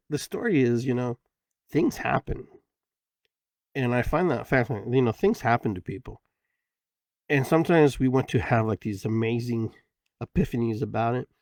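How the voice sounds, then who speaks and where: A man's voice: mid-range voice, darkish tone, no echo. Rambling reflective man, dry close sound. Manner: rambling, many "you know" fillers. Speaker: podcast host. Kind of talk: casual reflective storytelling.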